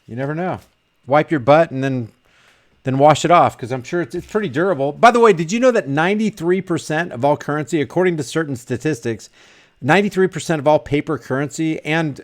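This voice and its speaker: A man vlogging casually, reading viewer comments aloud and rambling with frequent restarts and repeated words. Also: a little high. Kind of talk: casual live chat.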